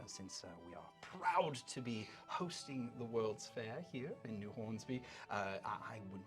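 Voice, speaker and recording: A nervous rabbit hotel manager who stammers and hesitates over every word, speaking in a posh manner, as a game master puts him on. His tone is soft and apologetic. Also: mid-range voice, lightly acted.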